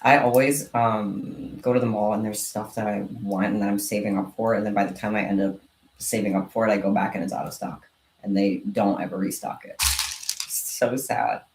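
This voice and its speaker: A young adult craft vlogger speaks briskly in a deep, slightly mellow voice with fairly even intonation. Chatting casually while crafting in a room at home, she coos baby talk to her pet cats, with roomy sound from a distant mic.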